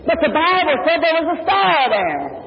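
A man's voice: very high-pitched, huge pitch swings, moderate pace, a little hiss or hum. A man preaching a sermon, telling a personal story with earnest, acted-out prayers and dialogue, recorded in a church hall. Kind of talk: sermon testimony. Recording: lo-fi phone-like old recording in a hall.

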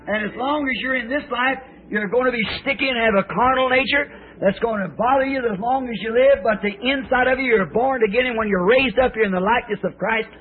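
A middle-aged male preacher in a sermon, telling folksy stories in a rambling, drawn-out way. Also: extremely high pitch, slight background noise. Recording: tinny, lo-fi old sermon tape.

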